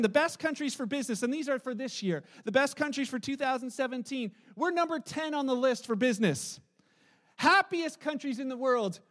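High-voiced Canadian man preaching a sermon. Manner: joking, animated storytelling to an audience. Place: church hall with live audience.

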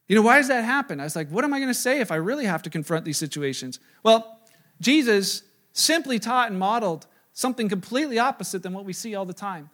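High-voiced pastor telling a lively story. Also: male voice. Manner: animated storytelling, acts out his own quoted lines, self-mocking. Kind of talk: sermon with personal story.

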